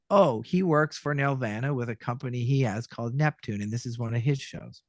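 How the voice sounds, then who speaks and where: A little fast and mid-range in pitch, the guest's voice comes through a dry, studio-quality recording. He's a middle-aged Canadian voice actor in a casual interview, telling lively stories and performing the voices and quotes he mentions.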